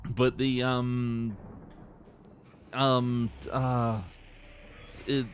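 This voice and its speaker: A man's voice: mid-range voice, flat delivery, drawn-out words, a little hiss or hum. A man with an Eastern Australian accent, chatting casually on a game stream in a rambling, laid-back way and laughing often. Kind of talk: casual live-stream chat.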